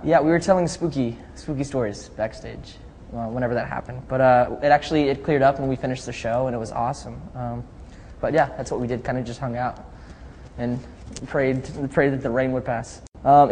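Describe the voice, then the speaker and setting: A man's voice: mid-range voice, a little fast, warm tone. Young adult male, pop singer in a casual live chat, loose and chatty with frequent laughs. Long reverb, faint noise floor. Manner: easygoing, chatty, laughs often, reads out fan questions. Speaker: pop singer answering fan questions.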